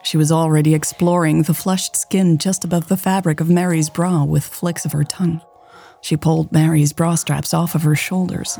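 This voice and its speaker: A woman narrating a romance story in a soft, hushed, unhurried way. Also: deep voice, creaky, slightly rough. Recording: faint music behind.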